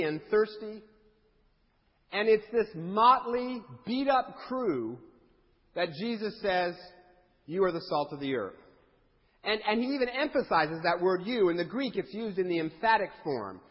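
A man with a high voice preaches a sermon in a church, joking with the congregation between points. His voice rings with a long hall reverb, and the recording sounds dull and muffled. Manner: humorous, conversational preaching with playful asides. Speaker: pastor. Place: church sanctuary.

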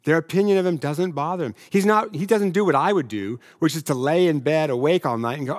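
A pastor preaching a sermon in a conversational, humorous way, now and then putting on complaining voices. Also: male voice, a little high, a little fast, hardly any pauses.

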